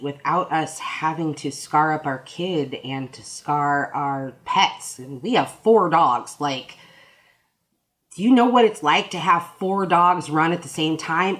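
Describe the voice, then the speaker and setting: A woman in her thirties giving casual advice in a rambling, self-deprecating, goofy way. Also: sits low. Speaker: vlogger.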